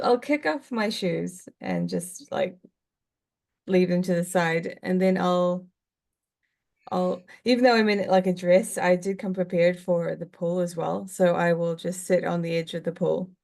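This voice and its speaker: A woman's voice: lowish voice, animated, a little slow, vocal fry, darkish tone. A woman playing a tabletop role-playing game, giggly and hesitant as she acts. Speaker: player.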